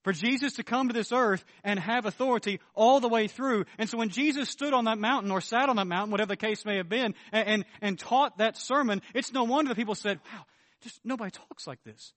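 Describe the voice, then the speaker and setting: High-voiced emphatic male preacher. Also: fast talker, hardly any pauses, dry recording. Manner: emphatic, swings between loud declarations and low earnest tones. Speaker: pastor. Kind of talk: sermon.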